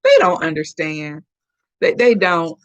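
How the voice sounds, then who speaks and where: A woman's voice: sits low, measured pace, dull audio. A middle-aged woman from Florida chatting casually with viewers on a live stream and telling family stories with lots of back-and-forth. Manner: chatty storyteller, acts out quoted voices.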